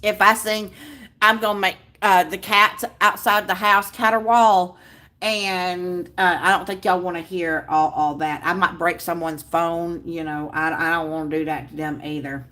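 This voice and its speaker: A woman's voice: lowish voice, steady tone, normal speed, sharp tone. A woman hosting a casual livestream, bubbly and gushing as she greets viewers by name. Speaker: livestream host. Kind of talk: casual live chat with viewers.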